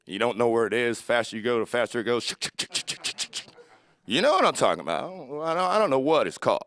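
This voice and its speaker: Forties stand-up comic, gravelly, animated, dry close mic. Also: male voice, medium pitch, rapid-fire, no room sound. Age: 40s. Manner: lively storytelling with acted-out voices. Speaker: stand-up comedian. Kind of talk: stand-up comedy set.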